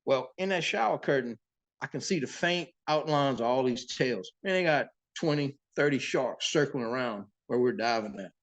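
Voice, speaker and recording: A boat captain, a man, telling sea stories in a casual, profane, animated way as an interview guest. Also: medium pitch, normal speed. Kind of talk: casual storytelling.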